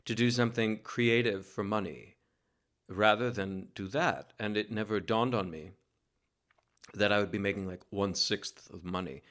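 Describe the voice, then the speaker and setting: A man from New York City, a guest telling a lively, self-mocking story in a casual interview and laughing as he goes. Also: fairly low pitch, normal speed.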